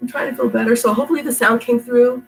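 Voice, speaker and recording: Talking fast in a slightly high, gravelly voice with fairly even intonation, a stuffy, sick-sounding middle-aged woman reads stories to children indoors at home. Afterward she chats warmly and ramblingly, laughing a lot. The audio is poor, with slight background noise.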